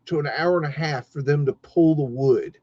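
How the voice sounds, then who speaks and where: A middle-aged man telling a story on a live-stream podcast in a casual, profane, animated way, acting out the other people in it. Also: a little high, normal speed, dry recording. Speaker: podcast co-host. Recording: dull lo-fi stream audio.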